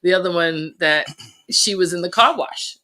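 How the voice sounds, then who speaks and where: A middle-aged woman, a podcast guest, telling lively family stories in a casual chat and laughing through the funny parts. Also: lowish voice, normal speed, a crowd in the background.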